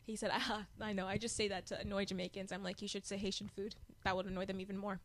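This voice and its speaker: A young adult woman co-hosting a podcast, chatting casually and telling animated stories with frequent laughter. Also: mid-range voice, fast talker, slight background noise. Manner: animated storytelling, laughing often. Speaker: podcast co-host. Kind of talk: casual chat.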